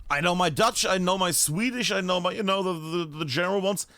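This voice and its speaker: A man's voice: sits high, fairly quick. A man from northern Bavaria, a German speaker, giving chatty live commentary on a team shooter match as caster. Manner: chatty, animated, swears casually. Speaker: esports caster.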